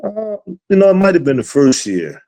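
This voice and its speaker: A man's voice: sits high, very animated, moderate pace, warm tone. A man from New Jersey, a guest coach on a podcast, chatting casually with short agreeing interjections. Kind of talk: casual chat.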